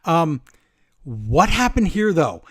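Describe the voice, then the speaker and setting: Podcast guy retelling a match, doing everyone's lines, higher voice, dry mic. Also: slow, breathy edge, dry recording. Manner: animated storytelling, acting out quotes. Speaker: podcast co-host. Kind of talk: casual wrestling chat.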